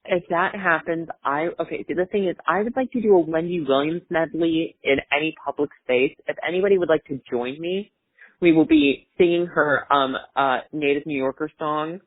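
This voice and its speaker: A talkative man hosting a podcast, rambling through casual chat with plenty of fillers. His voice sits fairly high and sounds dry and close, squeezed into a thin phone-like band. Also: expressive, moderate pace, no room sound. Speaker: podcast host.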